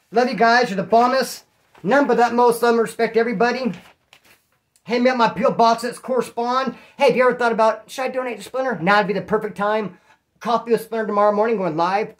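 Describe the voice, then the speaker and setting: A middle-aged man from California, hosting his own channel and telling prison stories in a rambling, profane, self-mocking monologue to his viewers. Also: sits high. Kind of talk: casual storytelling monologue.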